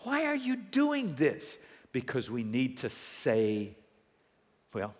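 A male pastor preaching a sermon, telling stories with animation and calling out to his congregation. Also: medium pitch. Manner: animated storytelling, calls out to congregation. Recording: long reverb of a large hall.

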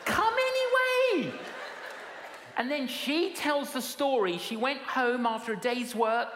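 A woman's voice: a little high, unhurried. A woman preaching a sermon in a large hall, emphatic and humorous, with repetition and punchlines. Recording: echoey hall with long reverb.

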